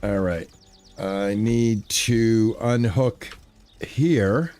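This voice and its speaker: A man's voice: on the low side, extremely slow, a little mellow, faint music behind. A man chatting casually to his live chat while playing a farming game, rambling and easygoing. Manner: laid-back, rambling, talks to chat. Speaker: streamer.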